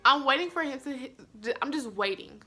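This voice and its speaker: A young woman, telling viewers a story in an animated, chatty way. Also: high voice, a little fast, soft background music. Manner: animated, addresses viewers as y'all. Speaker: vlogger. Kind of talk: storytime vlog.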